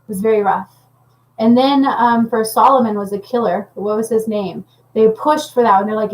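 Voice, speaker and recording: A woman who works as a spiritual healer and medium talks casually but intensely to viewers on a livestream, rambling and often checking in with "okay?". Her voice is a little high and a little fast. The recording is low quality.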